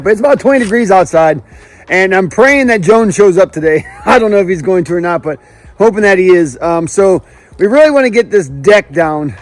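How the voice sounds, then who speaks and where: A man's voice: high-pitched, dry recording. A man hosting a construction vlog outdoors in the cold, chatty and upbeat, a little out of breath as he explains each step. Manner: chatty, upbeat, explains steps while working. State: breathing heavily from cold and climbing. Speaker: builder and channel host. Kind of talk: casual construction vlog narration. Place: outdoors on a cold building site. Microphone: action camera.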